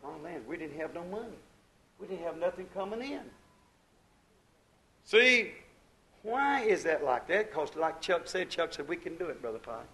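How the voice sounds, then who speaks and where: A man with a high, ringing voice preaches at a church service. His delivery is folksy and exuberant. It drops to near-whispered asides, then bursts into loud, rising praise. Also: animated, unhurried, long pauses, poor audio. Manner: exuberant folksy preaching with sudden swings from hushed to shouting. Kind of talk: sermon.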